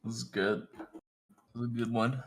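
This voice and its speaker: A man's voice: mid-range voice, little pitch movement, moderate pace. A young man in a casual voice-chat game session, chatting loosely, swearing and joking with friends. Light noise hangs in the background. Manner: loose, swearing, laughing banter. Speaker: player.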